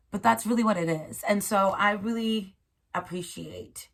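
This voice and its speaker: Gravelly-voiced woman in a rambling chat. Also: mid-range voice, normal speed. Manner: rambling, playful, warmly encouraging, slangy. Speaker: host. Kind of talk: casual solo chat about spirituality.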